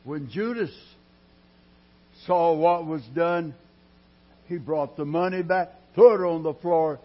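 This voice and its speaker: Slow husky preacher man, lo-fi recording. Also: fairly high pitch. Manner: dramatic preaching with sudden loud rises and quiet drops; slow, drawn-out delivery. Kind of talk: sermon. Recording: dull lo-fi sermon recording.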